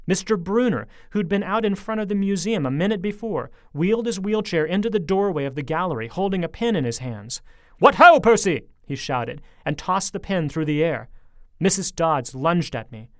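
A man narrating an audiobook with lively, expressive storytelling. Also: fairly high pitch, no echo, studio quality. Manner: lively storytelling, speeding up in tense moments.

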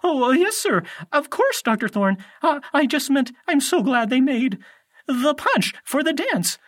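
A man's voice: very animated, measured pace, exaggerated voice. A man voicing a nervous young male satyr who stammers and sounds breathless. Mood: flustered. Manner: stammering, breathless, high and squeaky. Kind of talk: audiobook character voice.

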